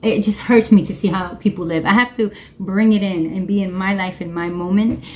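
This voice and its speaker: A woman's voice: mid-range voice, a little fast, a little hiss or hum. Chatty slangy New woman. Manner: chatty, slangy and expressive, with laughs and restarts. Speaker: vlogger. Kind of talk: casual chat to camera.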